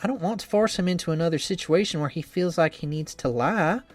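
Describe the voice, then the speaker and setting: A man's voice: fairly high pitch, fairly quick, lightly acted. A man voicing a cheerful young woman trainer who is anxious about her cooking, reading a visual novel game in an earnest, rambling, self-doubting way.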